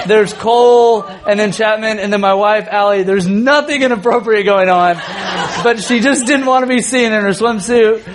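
A man in his thirties, a youth pastor telling a funny family story in a sermon, animated and often laughing. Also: very high-pitched, noisy background.

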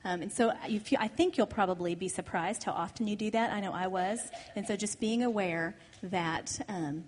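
A middle-aged woman with a mid-pitched voice co-teaches a marriage seminar. She speaks candidly and reflectively. Her voice carries a long reverb in a large hall. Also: moderate pace, darkish tone.

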